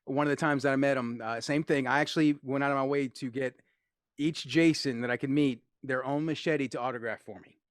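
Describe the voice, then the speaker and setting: Excitable male interviewer telling stories. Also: mid-range voice, fairly quick, no echo, studio quality. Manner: excitable storyteller, acts out quotes, laughs often. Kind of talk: casual interview chat.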